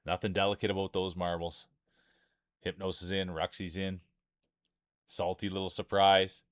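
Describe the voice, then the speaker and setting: A man with a fairly low, smooth and resonant voice calls the action like a sports commentator, playful and excitable as he hypes up players and cracks jokes. The sound is close and dry, with no room around it. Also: moderate pace, no echo. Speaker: streamer and game commentator.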